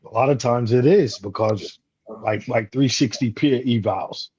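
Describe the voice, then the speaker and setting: Earnest man with a husky voice, slightly dull recording. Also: mid-range voice, measured pace, a little mellow. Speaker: panel speaker, military background. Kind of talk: casual panel talk.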